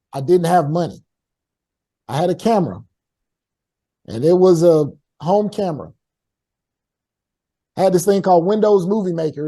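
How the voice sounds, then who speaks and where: A man giving an energetic, emphatic motivational talk as the guest speaker on a video-call workshop. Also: high-pitched.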